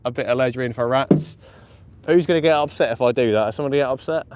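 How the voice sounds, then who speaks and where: A man commenting live on his night fishing session, chatty and excitable, laughing often, outdoors by the water. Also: mid-range voice, fast. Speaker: fishing vlogger. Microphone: camera or phone mic on a live stream.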